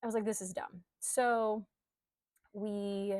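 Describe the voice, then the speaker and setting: A young adult woman recounts her own experience in a relaxed, conversational vlog manner, sprinkling in ums and likes. Her voice sits at an ordinary middle pitch, and the recording is dry and close with no room echo. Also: slow. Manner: candid, conversational, with frequent um and like. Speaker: coach. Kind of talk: personal storytelling vlog.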